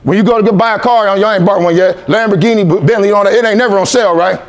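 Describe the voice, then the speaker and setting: A motivational speaker addresses a youth team in a high voice, rapid-fire, repeating phrases and leading call-and-response.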